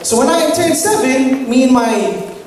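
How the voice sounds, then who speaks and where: A young woman from the Philippines gives a lively camp sermon and often asks the audience "right?". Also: high voice, a little slow. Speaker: camp speaker. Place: large hall at a church summer camp. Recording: echoey hall, distant mic, faint noise.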